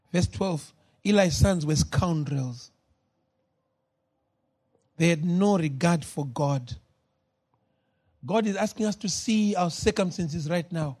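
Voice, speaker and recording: A man preaching a sermon as pastor, moving between shouted, drawn-out lines and low, quiet asides. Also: expressive, breathy edge.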